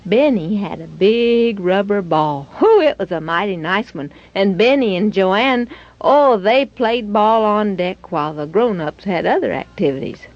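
A woman narrating a children's story in a lively, expressive way. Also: medium pitch, unhurried. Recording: dull, dry lo-fi recording.

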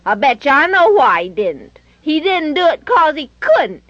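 A woman's voice: very animated, unhurried, a bit bright, dry recording, heavily acted. A woman voicing an upset little boy who whines and complains stubbornly. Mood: sulky. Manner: shrill, whiny complaining. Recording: dull lo-fi recording.

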